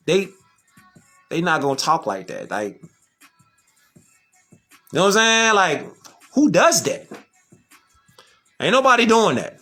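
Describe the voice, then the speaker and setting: Animated high-voiced man, bright and lively. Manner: animated, emphatic, slangy, rhetorical questions. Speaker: vlogger. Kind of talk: casual monologue.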